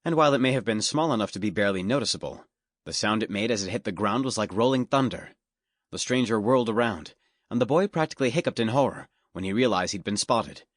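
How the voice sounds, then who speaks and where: A man narrating a fantasy audiobook in a steady, measured storytelling manner. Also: mid-range voice, no echo, clean studio sound. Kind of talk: scripted narration. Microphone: studio microphone.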